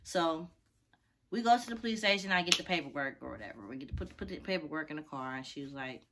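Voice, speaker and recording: Bright-voiced woman telling a storytime. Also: sits low, quick pace, a little hiss or hum. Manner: animated, expressive storytelling, acting out voices. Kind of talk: casual storytime vlog.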